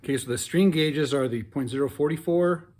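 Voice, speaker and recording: A man with a relaxed, folksy, enthusiastic manner, chatting casually through a workshop demo of a guitar he built. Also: on the high side, fairly quick. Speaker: cigar box guitar builder. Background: guitar playing.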